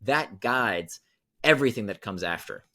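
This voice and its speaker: A man's voice: on the low side, animated, moderate pace, pushed and bright. A man talking as a podcast guest, explaining ideas emphatically and repeating key phrases for effect. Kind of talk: animated storytelling explanation.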